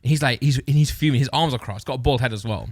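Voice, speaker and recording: A man's voice: medium pitch, rapid-fire, no echo, clean studio sound. A young man telling a rambling story on a podcast, often breaking off and laughing as he goes. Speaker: podcast co-host. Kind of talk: casual storytelling chat.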